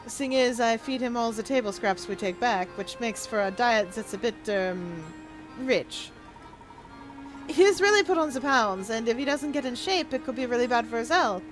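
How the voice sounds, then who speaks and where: A fussy, talkative train cook with a highish voice, as a woman puts him on, quick to scold and then sheepish. He rambles like a video game side character. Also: expressive, music in the background, close to an everyday voice. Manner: fussy, chatty.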